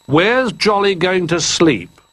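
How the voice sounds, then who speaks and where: A man's voice: sits high, lively intonation, takes it slowly, fairly bright tone, slightly rough, no echo, pitched above the performer's own voice, heavily acted. A man voicing Rabbit, a curious, helpful toy rabbit who asks questions and makes suggestions in a storybook reading.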